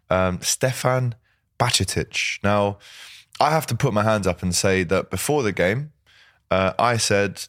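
A young man hosting a casual football chat, chatty and quick with asides and laughs. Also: lowish voice, no room sound, clean studio sound. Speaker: host.

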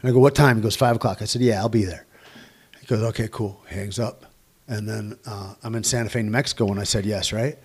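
A man's voice: lowish voice, steady tone, fast, slightly rough. A man who works as a stunt performer, telling rambling, profane anecdotes with quoted dialogue in a casual interview.

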